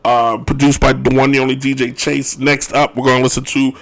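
A man hosting a sports talk radio show, ranting his opinions in an animated, joking way. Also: mid-range voice, brisk.

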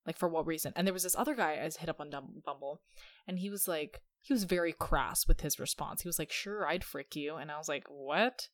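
A woman's voice: low voice, brisk, no echo. A young woman hosting a podcast, telling stories in a chatty, sarcastic way. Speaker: podcast host. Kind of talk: casual chat.

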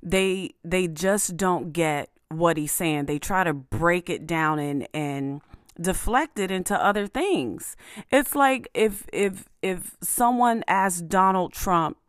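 A woman's voice: fairly low pitch, slow pace, no echo, studio quality. A woman hosting a show, talking through the news in a casual, emphatic way with many fillers and restarts. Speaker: podcast host. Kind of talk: casual commentary monologue.

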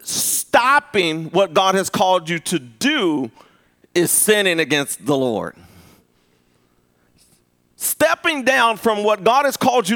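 A man preaching a live sermon, conversational and full of restarts, rising to high emphatic peaks. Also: sing-song, takes it slowly, pauses often, pushed and bright. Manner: conversational with repeated restarts and rhetorical asks. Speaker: pastor.

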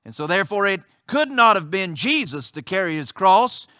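A man's voice: sits high, sing-song, moderate pace, pushed and bright, no echo, studio quality. A male pastor preaching a sermon with passion, asking rhetorical questions of his congregation.

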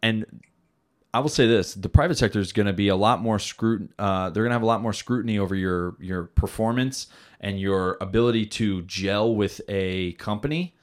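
A man's voice: lowish voice, moderate pace. A man hosting a podcast, chatting casually and rambling with lots of swearing and filler. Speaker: podcast host. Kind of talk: casual chat.

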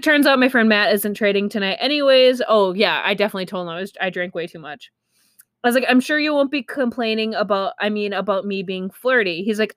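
A woman's voice: medium pitch, fairly bright tone, smooth, dry recording, studio quality. A young woman telling a candid, chatty story about her own life, full of fillers, and laughing at herself. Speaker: streamer. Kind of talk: casual storytime.

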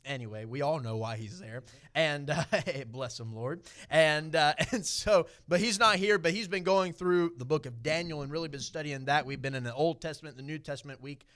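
A man's voice: fairly high pitch, moderate pace, few pauses, a bit bright. A middle-aged man with a Southern US accent preaching a sermon in a folksy way, repeating phrases and building to emphatic points.

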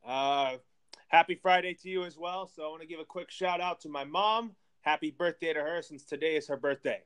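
A man with a fairly high, smooth voice opens a casual sports podcast. He greets listeners in an upbeat, friendly way. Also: brisk, a bit bright. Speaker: podcast host.

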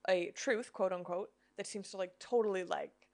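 A woman's voice: mid-range voice, moderate pace, vocal fry, darkish tone. A woman co-hosting a faith-based podcast in a chatty, down-to-earth way. She keeps her explanations basic and often checks in with her listeners. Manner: chatty, explains simply, frequent "you know" and "right?". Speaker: podcast co-host. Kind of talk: casual faith-based chat.

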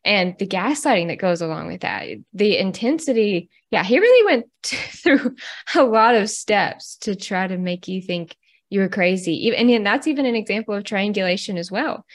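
A woman psychotherapist, a podcast guest, explaining things calmly and clearly in the manner of a counselor. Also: medium pitch, moderate pace. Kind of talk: explanatory interview talk.

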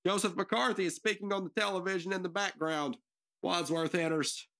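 A woman's voice: lowish voice, fairly even intonation, normal speed, fairly bright tone. A nervous woman narrating stage directions for an amateur radio drama, giggling and making joking asides.

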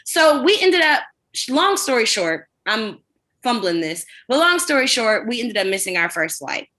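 A woman co-hosting a podcast, telling a long, animated, rambling anecdote in casual chat with plenty of swearing. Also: fairly high pitch, moderate pace. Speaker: podcast co-host.

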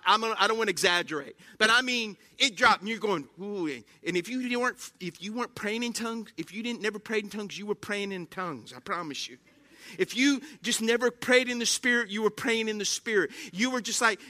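A man preaches a sermon with a high-pitched voice. He tells stories animatedly, acts out cries and exclamations, and keeps checking in with the congregation with quick questions. His voice is bright and sharp, and the sound is dry. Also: dry recording. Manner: animated storytelling with acted-out exclamations; asks the congregation frequent questions.

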